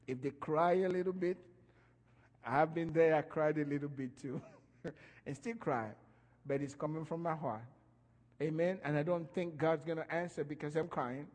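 A man preaching a sermon, animated and emphatic, his voice rising and falling as he stresses his points. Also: on the high side, normal speed, in a large hall.

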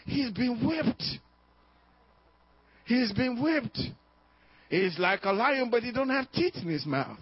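A man with a very high voice preaches a sermon, driving each point home through repetition and rhetorical questions. He keeps calling out "amen?" to the congregation. The recording sounds dull and lo-fi. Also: very animated, slow, long pauses, breathy edge, no room sound. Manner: emphatic preaching with repetition and call-and-response "amen?". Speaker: pastor. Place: church service.

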